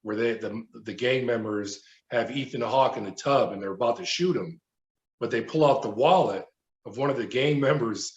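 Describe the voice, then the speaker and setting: A middle-aged man speaks as a podcast guest, telling a long personal story with lively delivery. His voice sits at a middle pitch. The audio is roomy and muffled, as if from a remote call. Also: normal speed. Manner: animated storyteller who acts out quoted voices. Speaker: podcast guest, former prison guard. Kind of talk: storytelling interview.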